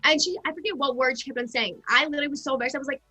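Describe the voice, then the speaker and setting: A young American woman chatting as a podcast guest, bubbly and rapid, with constant "like" fillers. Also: high voice, sharp tone, faint music behind. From United States. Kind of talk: casual chat.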